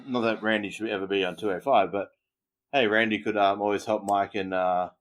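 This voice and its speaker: A man's voice: on the low side, fairly even intonation, brisk. A man with an Australian accent co-hosting a podcast, chatting casually and agreeably, with plenty of "yeah" and "um". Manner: agreeable, lots of yeahs and ums. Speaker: podcast co-host. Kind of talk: casual wrestling recap chat.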